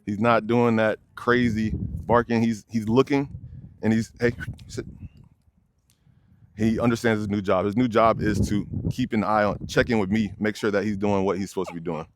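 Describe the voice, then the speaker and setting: Low-voiced man coaching a dog walk outdoors. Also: steady tone, moderate pace, slight background noise. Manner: casual, instructive, addresses viewers as y'all. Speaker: dog trainer. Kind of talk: outdoor training demonstration. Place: outdoors by a fence near many dogs.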